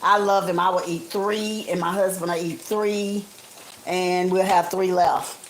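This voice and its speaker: A woman's voice: lowish voice, steady tone, measured pace, poor audio. Chatty woman cooking live. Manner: chatty and homey, calls viewers honey and guys. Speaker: home cook streaming live. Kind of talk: casual live cooking demonstration. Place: home kitchen, frying on the stove. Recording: faint kitchen noise with frying sizzle.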